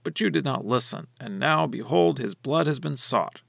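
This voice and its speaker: A man's voice: mid-range voice, lively intonation, normal speed, vocal fry, fairly bright tone, no room sound, full character voice. A man reading as Reuben, a reproachful elder brother. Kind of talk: scripture reading.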